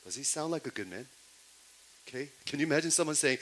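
Guy preaching, keeps asking the crowd stuff, gets loud on quotes. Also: a little high, lively intonation, fast talker, low-quality recording. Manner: questions the audience again and again, rising loud on quoted lines. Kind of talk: sermon.

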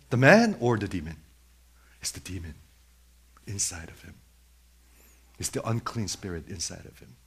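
A man's voice: low-pitched, big pitch swings, moderate pace, pauses often, slightly rough. Emphatic male preacher. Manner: emphatic, repeats questions directly to listeners. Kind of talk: sermon.

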